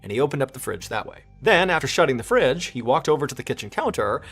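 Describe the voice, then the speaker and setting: A man narrating a true crime story in a brisk, dramatic storytelling manner. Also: mid-range voice, very animated, a bit bright, breathy edge, faint music behind.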